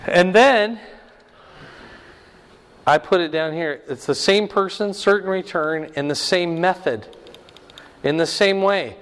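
A man teaching a Bible lesson verse by verse, explaining slowly and checking in with "right?" and "okay?". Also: high-pitched, a bit bright, clean tone, long reverb tail.

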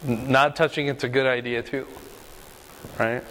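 A man leading a Bible study lesson in a relaxed, conversational way, often asking "right?" as he talks through the questions. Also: medium pitch, normal speed, long reverb tail, slight background noise, low-quality recording. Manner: conversational, frequent rhetorical "right?".

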